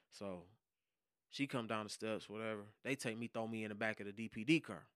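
A man, a podcast guest and hip hop producer, telling a story in casual, profane slang and acting out loud shouted quotes. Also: lowish voice, fairly even intonation, fast, clean tone, no echo, studio quality. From Detroit.

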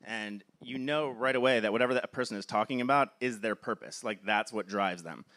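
A man's voice: lowish voice, a little fast, a bit bright. A man, a film producer, giving an enthusiastic motivational talk, filling his sentences with "like". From Cleveland, USA. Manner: enthusiastic, frequent filler "like".

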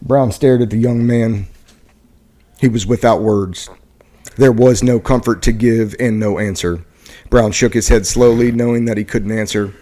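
A man hosting a podcast who reads a book passage aloud at a steady pace, now and then stumbling and correcting himself. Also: lowish voice. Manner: steady reading with occasional stumbles and self-corrections. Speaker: podcast host.

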